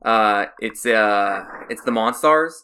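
A man on a podcast chat, teasing the others with quick jokey remarks. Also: lowish voice, pushed and bright, a little hiss or hum. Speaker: podcast co-host. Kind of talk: casual chat.

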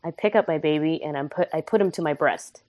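A woman's voice: low-pitched, fast, darkish tone, dry recording. A young woman telling a candid, humorous and emotional personal story in casual podcast chat.

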